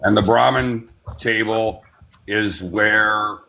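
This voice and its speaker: A man with a fairly low yet bright, forward voice leads a spiritual class. He rambles along unhurriedly with plenty of fillers, then eases into slow, soothing breathing instructions. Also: steady tone, creaky, slight background noise. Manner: meandering, unhurried talk with many fillers. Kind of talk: guided breathing meditation class.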